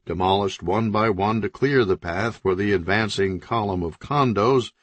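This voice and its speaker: A man narrating an audiobook in a steady, deadpan way. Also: on the low side, moderate pace, dry recording. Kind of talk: scripted narration.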